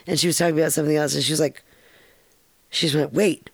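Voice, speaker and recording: Podcast host, middle-aged woman, low gravelly voice, frank rambling storyteller, dry close sound. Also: fairly even intonation, very fast, no echo. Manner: rambling, frank, laughs often, swears casually. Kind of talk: casual storytelling.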